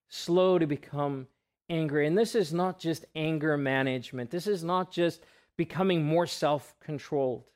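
A man delivers a sermon to his church in a voice pitched a little above the usual for men. He asks question after question and lets his voice fall soft and low on the words he wants to land. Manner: earnest preaching with rhetorical questions and pauses, voice dropping soft on key words. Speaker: pastor.

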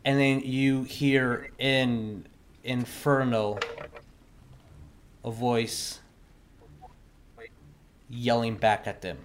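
A man narrating as the game master of a tabletop game, in a slow, halting way with many fillers. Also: medium pitch, fairly even intonation, slight background noise. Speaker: dungeon master.

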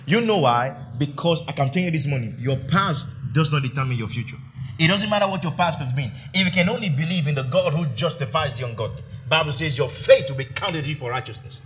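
A man's voice: fairly high pitch, a bit bright. A male pastor preaching a sermon in church, asking the congregation for amens and acting out Bible scenes. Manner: preaching with call-and-response prompts and dramatized Bible quotes.

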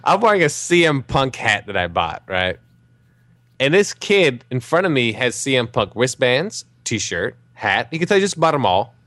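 A man hosting a podcast, telling a jokey anecdote in a casual, animated way, with some swearing. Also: mid-range voice, moderate pace, dry recording. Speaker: podcast host. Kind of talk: casual storytelling chat.

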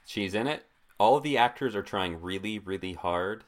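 A man in his twenties co-hosts a podcast and chats casually about movies, using a lowish voice with lively intonation at a moderate pace. He rambles and fills his speech with lots of "like."

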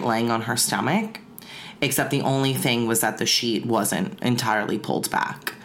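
A woman's voice: very deep voice, slight background noise. A woman casually telling a spooky story on a podcast, chatty and full of "like" fillers.

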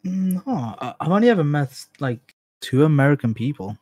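A man's voice: on the high side, big pitch swings, moderate pace, darkish tone, dry recording, clean studio sound. A British man in casual chat, answering in short, laid-back replies. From Britain.

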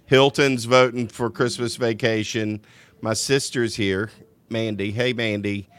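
A man's voice: fairly low pitch, steady tone, unhurried, fairly bright tone. A man with a Louisiana accent co-hosting a live podcast, chatting loosely and often restarting sentences. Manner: rambling, restarts and chuckles. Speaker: podcast co-host. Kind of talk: live casual podcast chat.

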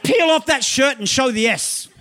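High-voiced man preaching with emphatic shouts. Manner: emphatic preaching, often asking "right?", slow scripture reading; bursts into loud shouts. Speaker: pastor. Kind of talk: sermon.

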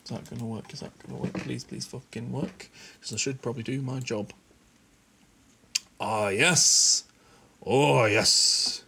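A man's voice: medium pitch, fast talker, gravelly, a little hiss or hum. A man swearing and muttering through casual commentary as he plays a game. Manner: sweary, animated, mutters under his breath. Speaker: gamer.

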